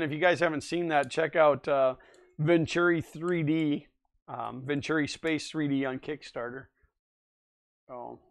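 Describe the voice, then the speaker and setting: A man's voice: on the high side, smooth. A man hosting a casual livestream, chatting in a rambling way and answering viewers' comments as he goes. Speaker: livestream host.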